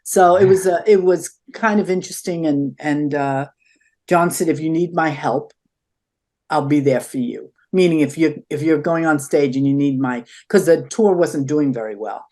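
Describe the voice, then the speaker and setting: A woman's voice: sits low, moderate pace. An older woman, an interview guest, telling stories in a conversational way and acting out what people said. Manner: animated storyteller acting out quotes.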